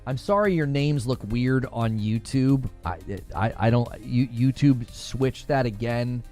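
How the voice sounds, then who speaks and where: A man hosting a casual gaming livestream, animated and laughing often as he reads and answers chat. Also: medium pitch.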